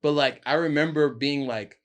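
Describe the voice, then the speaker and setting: A young man, a podcast guest, telling a story in casual chat, animated and laughing, acting out his friends' lines. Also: on the high side, normal speed.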